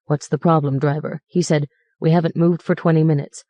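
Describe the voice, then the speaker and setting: A woman's voice: low-pitched, fairly even intonation, a little fast, no echo, lo-fi sound, lightly acted. A woman reading the part of a formal, stiff middle-aged father who keeps a strained, clipped politeness. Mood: restrained politeness.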